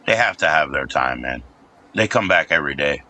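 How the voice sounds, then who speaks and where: Male streamer: low, bright and forceful voice; rambling, bickering with chat. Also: expressive, fairly quick, low-quality recording. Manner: rambling, talks back to chat, trails into mumbles. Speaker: live streamer.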